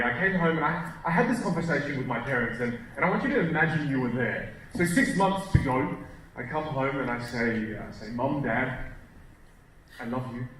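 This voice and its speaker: A man's voice: fairly high pitch, fairly bright tone, recorded from a distance. A man in his thirties gives a keynote as a self-deprecating, playful storyteller in a large hall. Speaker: keynote speaker. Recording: echoey hall, crowd laughter.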